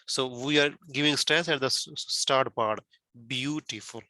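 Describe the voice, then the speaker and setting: A man's voice: mid-range voice, steady tone, normal speed, pushed and bright, no echo. A man whose first language is not English, teaching exam criteria carefully to a student, repeating points and asking questions. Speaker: test prep teacher.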